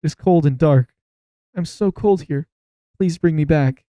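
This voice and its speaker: A man voicing the ghost of a dead young boy in a horror story game, speaking in a soft, clingy, pleading child tone. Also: fairly high pitch, a little slow, dry recording, pitched above the performer's own voice, close to an everyday voice.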